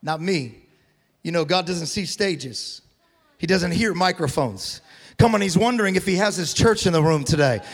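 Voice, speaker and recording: A male pastor preaching a sermon with call-and-response, building up to shouts. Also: high voice, animated, moderate pace. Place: large church hall. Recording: long hall reverb.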